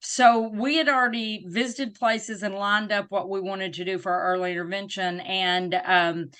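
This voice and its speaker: A middle-aged woman with a Southern US accent, a guest telling a personal story in an interview with emphatic, faith-filled warmth. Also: medium pitch, fairly even intonation, normal speed. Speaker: guest, disability advocate.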